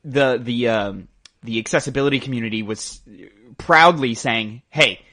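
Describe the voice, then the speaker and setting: A man co-hosting a casual gaming podcast, relaxed and opinionated, swearing freely. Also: medium pitch, normal speed. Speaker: podcast co-host.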